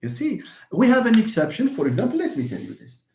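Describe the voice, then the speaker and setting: In a fast-paced live pronunciation class, a male English teacher with a slightly high voice swings animatedly in pitch while patiently repeating sample words. He moves between English, French and Darija. The audio has a noisy background and the echo of a large room.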